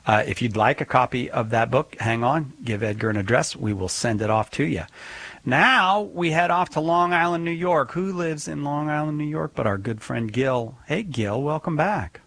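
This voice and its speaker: A man hosting a call-in radio show, friendly and relaxed, with a jokey manner as he greets callers. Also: on the high side, moderate pace.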